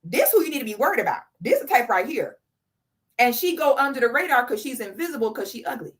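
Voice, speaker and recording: A woman's voice: a little high, sing-song, quick pace. A woman in her thirties giving blunt, profane, sarcastic commentary on a live stream. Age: 30s.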